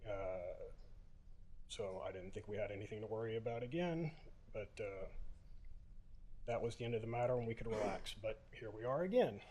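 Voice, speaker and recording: A man's voice: on the low side, lively intonation, moderate pace, pauses often, darkish tone, breathy edge. A middle-aged man, holding back tears, giving plainspoken public comment at a city council podium. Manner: plainspoken, emotional, many uhs.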